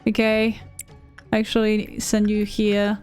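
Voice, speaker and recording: A woman's voice: mid-range voice, monotone, takes it slowly, darkish tone, smooth, soft background music. A woman streamer talking to herself through a game, repeating words and getting frantic under pressure. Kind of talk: live gameplay commentary.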